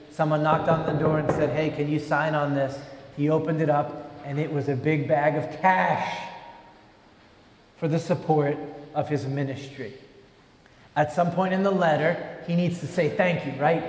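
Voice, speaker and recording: A man preaching a lively sermon, joking and acting out little voices as he teaches from a verse. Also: on the high side, a little hiss or hum. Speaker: pastor. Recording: echoey hall, long reverb.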